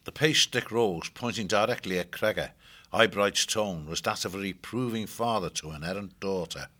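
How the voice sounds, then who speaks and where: A man narrating an audiobook with a measured, expressive reading. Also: fairly low pitch.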